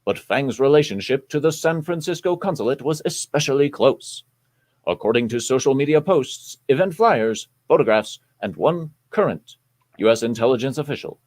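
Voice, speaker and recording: A man's voice: medium pitch, lively intonation, normal speed, a little mellow. A man reading a news article aloud on a casual live stream, in an exaggerated news-anchor voice.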